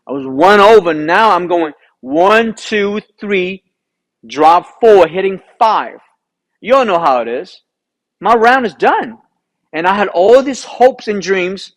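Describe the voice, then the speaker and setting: A man, a golf instructor, recounting a round in an animated storytelling way, asking himself rhetorical questions. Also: high-pitched, low-quality recording. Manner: animated, rhetorical questions, re-enacts his own thoughts.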